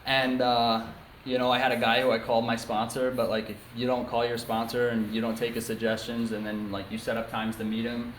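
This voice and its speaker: A man's voice: on the low side, slight background noise. A young man from New York State telling his own story at a recovery meeting, speaking frankly and casually with many ums and you-knows. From New York State, USA. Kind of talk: candid personal testimony. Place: meeting room before a small group. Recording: echoey meeting room, faint ambience.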